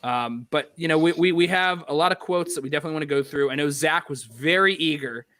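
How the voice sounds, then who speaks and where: A man's voice: a little high, fast, sharp tone, dry recording. A man hosting a casual group podcast about a movie, talkative and leading the conversation with frequent restarts. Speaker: podcast host.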